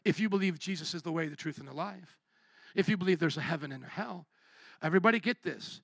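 A man's voice: fairly high pitch, fast, vocal fry, husky, no echo. A man preaching a sermon, impassioned and emphatic, sometimes acting out voices of the people in his examples. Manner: impassioned, rising to loud emphatic peaks.

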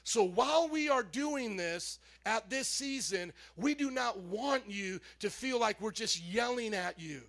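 A man speaking as a pastor, giving a lively, joking sermon introduction in a church and calling on the congregation to answer back. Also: sits high, a little slow, hardly any pauses. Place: church sanctuary.

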